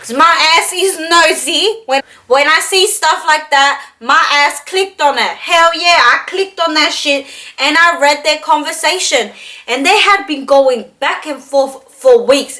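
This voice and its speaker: A young woman tells a storytime to her camera, animated and loose, full of "like" and casual cursing. Her voice sits high and sounds bright and forward. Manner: animated, swears freely, fillers of "like". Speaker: beauty vlogger.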